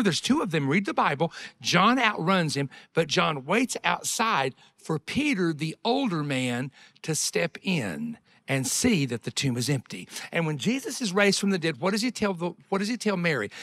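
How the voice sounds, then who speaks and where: A man preaching a revival sermon with fervent, emotional delivery, swinging between loud passages and hushed ones, with conversational asides. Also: fairly high pitch.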